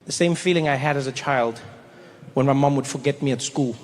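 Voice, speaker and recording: On a live stage, a male stand-up comedian tells a story animatedly, acting out characters and stammering through restarts. His mid-range voice is brisk, against a noisy background and long hall reverb.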